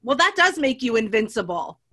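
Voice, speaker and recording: A woman hosting an interview, effusive and affirming, quick to praise her guest. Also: fairly high pitch, very animated, sharp tone. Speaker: podcast host. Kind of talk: casual interview chat.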